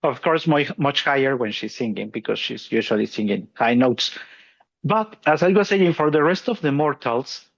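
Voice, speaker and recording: A man's voice: medium pitch, animated, normal speed, vocal fry. Self-mocking man with a lo-fi sound. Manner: laughs often, self-deprecating. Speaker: podcast co-host. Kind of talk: casual explanatory chat.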